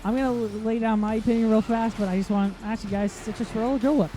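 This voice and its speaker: A man's voice: sits high, fairly even intonation, racing, mellow, faint music behind. A man hosting a casual let's-play commentary, rambling and chatty, easily sidetracked, filling gaps with lots of ums. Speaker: gaming channel host.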